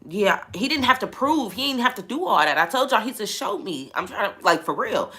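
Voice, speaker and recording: A woman in a casual vlog, talking emphatically about faith in an animated, preachy way. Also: medium pitch, a little fast. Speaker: vlogger.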